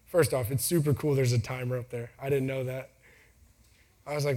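A man's voice: mid-range voice, fairly even intonation, normal speed, a little mellow. A man in his thirties giving a casual talk to an audience, joking and acting out quotes in family stories. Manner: joking, storytelling, acts out quotes. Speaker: speaker. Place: venue with a timer for speakers.

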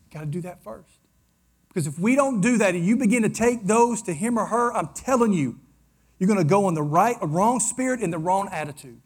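A man preaching a sermon to his congregation, swinging between loud declarations and hushed, close asides. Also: sits high, lively intonation, normal speed. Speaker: pastor.

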